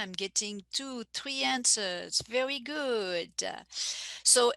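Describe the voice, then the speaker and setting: Slow, bright-voiced teacher woman. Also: medium pitch, no room sound. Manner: slow, careful, repeats phrases for learners. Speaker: French teacher. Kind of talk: live online language lesson.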